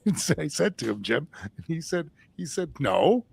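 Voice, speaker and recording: Gravelly, rambling man telling stories. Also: a little high, normal speed, no echo. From Canada. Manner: rambling, animated storytelling with quoted voices. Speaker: podcast host. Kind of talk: casual chat.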